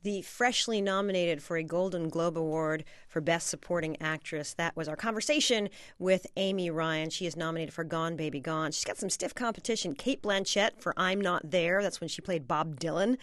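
A woman hosting a morning radio talk show, briskly running through lists of nominees. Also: on the low side, a bit bright, dry recording.

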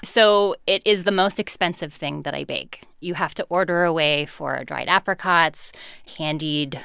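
A woman's voice: low-pitched, a little slow, creaky, a bit bright, smooth, no echo, clean studio sound. A woman guest in a casual radio interview, cheerful, laughing often and explaining things with care. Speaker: guest, colleague in digital media.

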